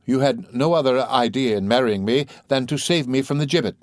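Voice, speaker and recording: A man's voice: mid-range voice, a little fast, a little mellow, no echo, clean studio sound, lightly acted. A man voicing a young male poet who is gallant, wordy and pleased with himself, speaking in a theatrical, musing way. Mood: rueful, reasoning.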